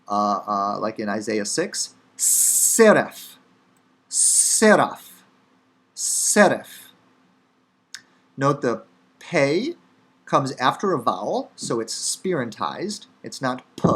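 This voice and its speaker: A man with a Chicago accent teaches the Hebrew alphabet in a recorded lecture that's casual and wry, full of fillers. His mid-range voice is sing-song and unhurried, a bit bright, with a breathy edge.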